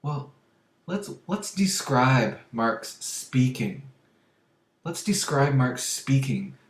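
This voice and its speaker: A man teaching a grammar lesson to English learners, speaking slowly and deliberately and often checking understanding with "okay?". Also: mid-range voice, big pitch swings. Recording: echoey room.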